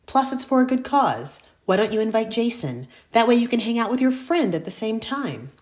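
A woman's voice: a little high, sing-song, moderate pace, a little mellow, pitched above the performer's own voice. Woman doing a coaxing bilingual mom. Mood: upbeat. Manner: sprinkles Spanish endearments. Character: warm bilingual mother, caring, persuasive.

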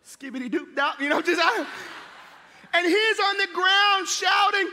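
Man, middle-aged pastor, bright voice, animated storytelling sermon, long hall reverb. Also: extremely high pitch, a little slow. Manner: animated, jokey, acts out voices.

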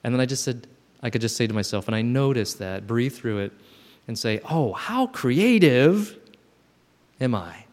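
A man's voice: mid-range voice, fairly quick, a little mellow. A man in his fifties giving a thoughtful, self-reflective personal talk at a gathering, often restarting his sentences. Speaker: speaker at a gathering. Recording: long hall reverb.

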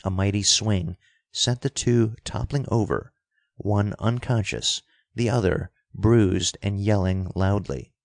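Low-voiced male audiobook narrator. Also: slow, creaky, dry recording. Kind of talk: audiobook narration of an adventure story.

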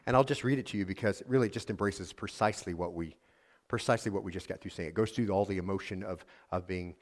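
A man preaching a sermon, earnestly asking his congregation questions and reading a letter aloud in a softer tone. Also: sits low, fast talker. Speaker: pastor.

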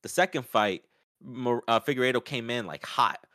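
A man talking casually about a fight, often acting out what others said in a raised, lively voice. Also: medium pitch, normal speed, no room sound, studio quality. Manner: animated, acts out quotes in raised voice. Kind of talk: casual sports chat.

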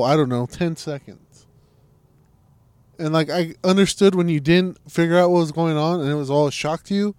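A man's voice: fairly high pitch, darkish tone, smooth, no room sound. Crude sarcastic young man ranting. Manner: crude, sarcastic, mocking, does silly impressions. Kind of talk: casual profane chat.

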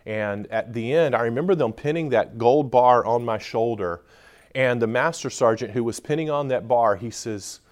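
A man's voice: medium pitch, normal speed. A man speaking at a conference in front of a live audience, joking and bantering with the people in the room.

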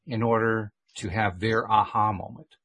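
A man's voice: fairly low pitch, steady tone, normal speed, fairly bright tone. A man in reflective casual conversation, talking thoughtfully with frequent restarts.

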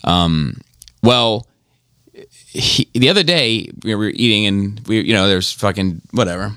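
A man's voice: fairly low pitch, expressive, unhurried, pushed and bright, no echo, clean studio sound. A man co-hosting a podcast, telling a long, profane story in casual chat, full of ums and you-knows. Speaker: podcast co-host.

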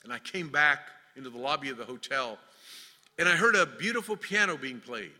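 A man preaching a sermon, swinging from loud declaiming to hushed, near-whispered lines. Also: medium pitch, expressive, a little fast. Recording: long reverb of a large hall.

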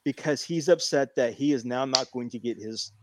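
A man in casual chat, animated and repeating phrases as he tells a long story. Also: medium pitch, normal speed, a crowd in the background. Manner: animated, repeats himself while telling a story.

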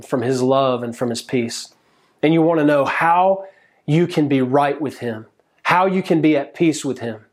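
A man's voice: medium pitch, a little mellow. A man preaching an earnest sermon as a pastor, speaking directly to viewers watching online.

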